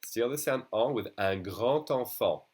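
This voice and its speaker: A young man from France with a French accent, teaching a beginner language lesson and patiently repeating words slowly for practice. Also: medium pitch, expressive, darkish tone, slightly rough.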